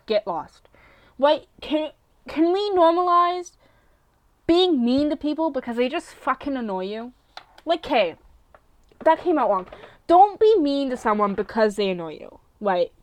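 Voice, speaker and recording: A young woman hosting a casual solo podcast, talking bluntly and profanely in a rambling rant that jumps between loud outbursts and low mutters. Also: expressive, measured pace, no echo. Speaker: podcast host.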